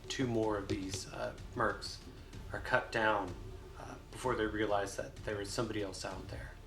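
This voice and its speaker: A man's voice: on the low side, steady tone, moderate pace. A man narrating a solo tabletop game as game master, casual and loose with frequent fillers. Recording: voice over loud background music. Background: music.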